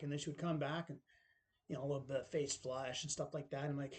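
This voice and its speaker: A man's voice: medium pitch, steady tone, fast talker. A middle-aged man telling a personal story in casual, rambling speech, full of tag questions and acted-out quotes.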